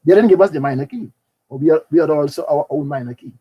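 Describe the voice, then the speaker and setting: An older Trinidadian man from Trinidad and Tobago lectures animatedly on carnival history, slipping into bits of calypso and often repeating words. His voice sits on the high side, quick and slightly breathy, and the audio is lo-fi.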